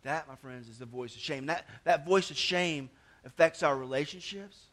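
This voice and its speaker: A male pastor preaches at normal speed, swinging from loud, emphatic stretches to quiet, low asides. He often repeats words and restarts his phrases.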